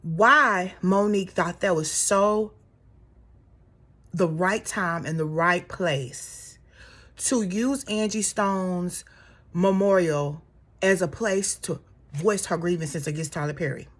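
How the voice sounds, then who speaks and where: A woman's voice: on the low side, takes it slowly, fairly bright tone. A woman vlogging casual commentary while getting ready for work, chatty and opinionated as she calls out celebrities directly.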